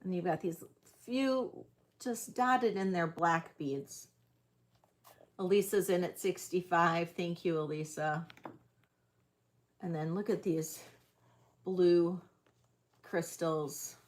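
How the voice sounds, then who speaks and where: A woman hosting a live online sale, chatting casually as she auctions vintage jewelry, with frequent ums and pauses. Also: fairly low pitch. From United States.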